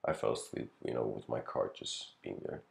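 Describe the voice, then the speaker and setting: A man voicing a tired male street hat seller, muttering low and half to himself. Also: fairly even intonation, moderate pace, creaky, full character voice. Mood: musing.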